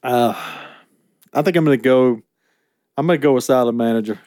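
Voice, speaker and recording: A man's voice: mid-range voice, a little fast, darkish tone, no echo, studio quality. A man in casual podcast banter, teasing his co-hosts, with hesitant fillers and giggles. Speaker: podcast co-host.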